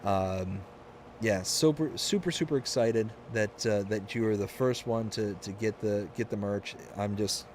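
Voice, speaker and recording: A man's voice: lowish voice, measured pace, a little mellow, slight background noise. A man from Michigan hosting a live game stream, chatting casually and rambling through stories with frequent restarts. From Michigan, USA.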